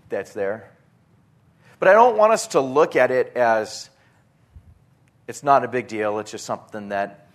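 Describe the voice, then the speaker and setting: A man preaching a sermon in an earnest, halting way, with frequent restarts, reading scripture aloud. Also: mid-range voice. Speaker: pastor.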